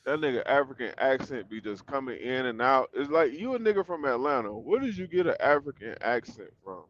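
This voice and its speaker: A man's voice: medium pitch, big pitch swings, fairly quick, highs cut off. A male co-host in a casual chat show, joking in slangy banter.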